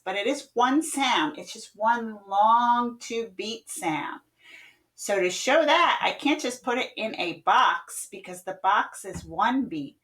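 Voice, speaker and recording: Slow, lively-voiced woman music teacher. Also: medium pitch, rough recording. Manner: patient, chants rhythm syllables; sings out rhythms, playful game calls. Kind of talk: online classroom lesson.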